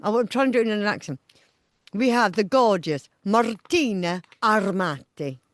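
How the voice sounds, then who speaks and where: A woman's voice: medium pitch, expressive, fairly quick, dry recording, studio quality. A woman hosting a podcast in casual chat, playful and theatrical, laughing at her own jokes. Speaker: podcast host.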